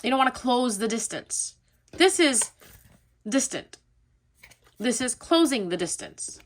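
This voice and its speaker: Woman reading tarot cards, chatty and rambling, slightly high voice, casual. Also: very animated, measured pace. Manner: chatty, rambling, laughs often, open-minded asides. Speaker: tarot reader.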